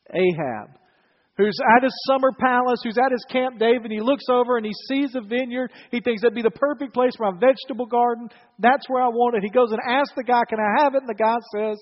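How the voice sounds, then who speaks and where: A man preaching a sermon to his congregation, conversational and joking with the listeners. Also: extremely high pitch. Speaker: pastor. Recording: dull, reverberant hall recording.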